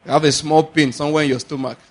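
A man with a slightly high voice races through an animated sermon as pastor. Pidgin asides and acted-out quotations pepper his preaching.

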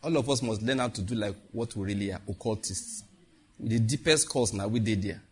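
A Nigerian man preaching a sermon, mixing Pidgin asides with animated warnings and slow, solemn prayer lines. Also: on the low side, slight background noise. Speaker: pastor.

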